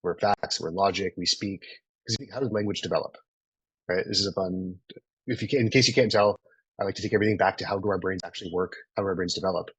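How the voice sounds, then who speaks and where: A man's voice: sits low, steady tone, fast, a bit bright, slightly rough, no room sound, poor audio. A man in his thirties coaching a group in a live online training, casual and profane, always checking in with "right?". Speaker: sales coach.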